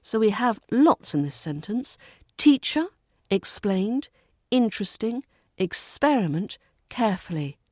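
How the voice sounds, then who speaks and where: A woman with a British RP accent, teaching a pronunciation lesson and modelling example sentences slowly and deliberately. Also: medium pitch, very animated, a little mellow, no room sound, clean studio sound. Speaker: accent coach.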